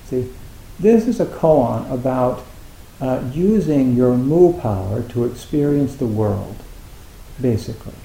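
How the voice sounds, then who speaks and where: Man, zen teacher, informal retreat talk, gravelly, mellow tone, echoey room, lots of fillers. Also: mid-range voice, expressive, unhurried. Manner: rambling, many fillers and restarts.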